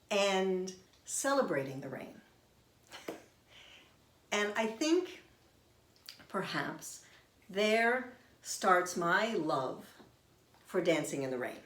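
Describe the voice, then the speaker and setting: A middle-aged woman telling a personal story in an expressive, animated way. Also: medium pitch. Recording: roomy echo.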